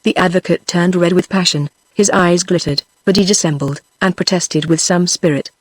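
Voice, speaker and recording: A text-to-speech woman's voice with a British English accent, reading a novel aloud in an even, machine-paced way. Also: on the low side, normal speed, no echo. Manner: even, machine-read pacing. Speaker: audiobook reader. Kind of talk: synthetic audiobook narration.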